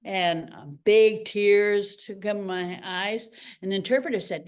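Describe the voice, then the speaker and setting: A retired Canadian ballerina and teacher, now an older woman, is a guest in a casual interview, speaking slowly in a mid-range voice. She tells stories with animation, acting out the voices of the people in them.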